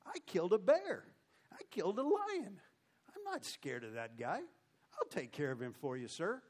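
A man's voice: sits high, sing-song, normal speed, a little mellow. A man voicing the young shepherd boy David, eager and fearless, indignant and bold.

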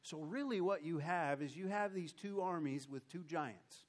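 Emotional preacher reading scripture. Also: male voice, a little high, lively intonation, moderate pace. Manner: reads old scripture aloud, then comments with emotion and emphasis.

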